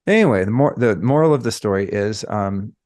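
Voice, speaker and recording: A man with a fairly low voice hosts a podcast and tells a personal story at an easy, unhurried pace. He stretches out his phrases, pauses to reflect, and keeps things casual and conversational. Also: expressive, a little mellow. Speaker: podcast host.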